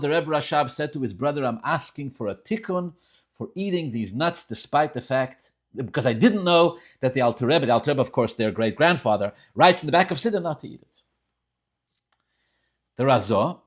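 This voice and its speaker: A man with an Ashkenazi yeshiva-style accent teaching a Tanya class, telling stories and swinging between soft asides and loud, emphatic stretches. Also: medium pitch. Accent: Orthodox Jewish English with Ashkenazi Hebrew and Yiddish terms. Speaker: Torah teacher.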